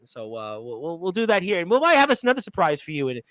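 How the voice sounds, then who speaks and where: Brooklyn guy hosting a live chat show, high voice, jokey, reads chat out loud, dry close mic. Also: huge pitch swings, quick pace, no room sound, rough recording. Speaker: host. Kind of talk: casual live-stream chat.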